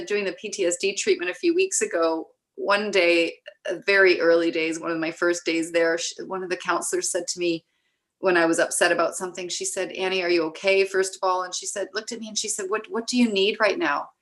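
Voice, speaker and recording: Candid Canadian woman, lowish voice. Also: steady tone, fairly bright tone. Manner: reflective, halting, many restarts. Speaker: guest, recovery advocate. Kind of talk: candid personal conversation.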